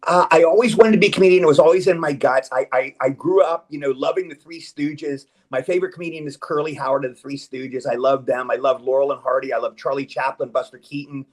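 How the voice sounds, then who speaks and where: A man's voice: mid-range voice, steady tone, quick pace, few pauses. A man chatting as a guest in a casual interview, rambling and eager, with stammered restarts. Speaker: guest actor.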